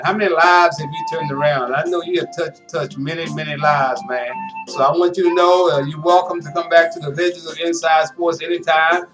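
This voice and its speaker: A man hosting a sports talk show in a folksy, casual way, often adding "man" to his sentences. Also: on the high side. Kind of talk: casual interview chat.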